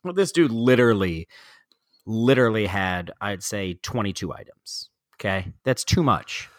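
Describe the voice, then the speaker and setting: A man's voice: on the low side, normal speed, no echo, clean studio sound. A man co-hosting a podcast, telling rambling stories full of fillers in casual chat. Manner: rambling storyteller, lots of "like", expressive. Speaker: podcast co-host.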